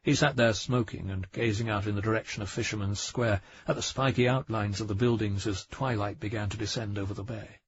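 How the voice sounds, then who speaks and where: A male audiobook narrator reading a crime novel in a steady, measured way. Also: fairly low pitch, slight background noise. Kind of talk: scripted narration. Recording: dry, dull audiobook recording.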